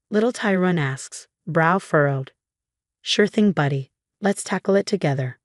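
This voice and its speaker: Low-voiced woman narrating a story. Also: a little mellow, no room sound, studio quality. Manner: reads other characters' lines in her own voice. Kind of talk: first-person story narration.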